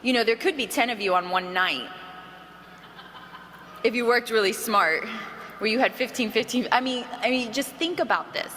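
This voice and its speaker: A woman giving an energetic sales training talk to a room, coaxing the audience with questions. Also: a little high, moderate pace, pauses often. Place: large hall with an audience. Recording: archived talk in a roomy hall with faint noise.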